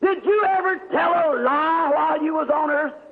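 Stern divine judge from the throne, as a high-voiced preacher puts him on, slow and solemn; tinny lo-fi sound with long hall reverb. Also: male voice.

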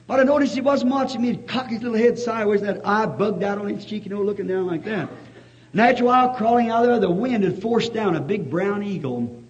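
A man preaching a sermon, telling a folksy story that rises to fervent shouting. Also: high-pitched, quick pace. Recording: dull lo-fi old recording.

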